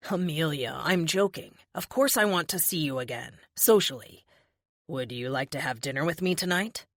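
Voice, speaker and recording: Deep, dry male team leader with a clipped drill-sergeant delivery, put on by a woman narrator, close and dry audiobook read. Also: expressive, moderate pace, a bit bright, dry recording. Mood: teasing. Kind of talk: audiobook character voice.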